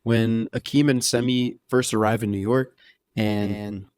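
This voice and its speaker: A man's voice: fairly low pitch, fairly even intonation, unhurried, a little mellow, smooth, no room sound, clean studio sound. A young man co-hosting a podcast, chatting casually about a film, incredulous and laughing often, swearing freely. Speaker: podcast co-host.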